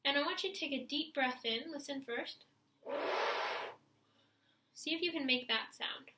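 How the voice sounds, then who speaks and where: A young woman teaching saxophone students to stretch and breathe, guiding them step by step and showing sighs and deep breaths herself. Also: unhurried, echoey room, very noisy. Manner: encouraging, demonstrates breaths and sighs. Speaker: music teacher. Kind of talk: instructional video for young students.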